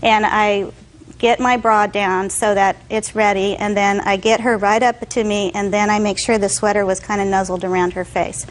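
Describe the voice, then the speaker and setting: A woman's voice: medium pitch, level tone, moderate pace, rough recording. A young woman testifying as a defendant in court, telling her story with animation and acting out other people's voices.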